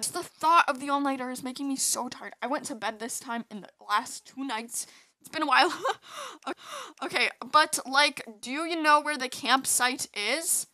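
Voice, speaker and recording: Bright-voiced sleepy woman gamer. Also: high voice, no room sound. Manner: chatty, giggly, rambling. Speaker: gaming video host. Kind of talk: casual gameplay commentary.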